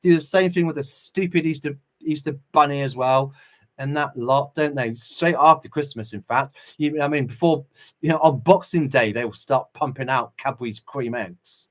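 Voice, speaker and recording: A middle-aged man with a medium-pitched voice and moderate pace hosts a laid-back livestream. He greets viewers in the chat and preaches with impassioned fervor, short chuckles punctuating his preachy remarks.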